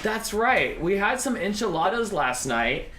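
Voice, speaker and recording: A man's voice: high voice, very animated, unhurried, bright, forceful tone. A man co-hosting a home cooking show, joking around in casual chat. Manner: playful, joking. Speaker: co-host. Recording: echoey room, faint noise.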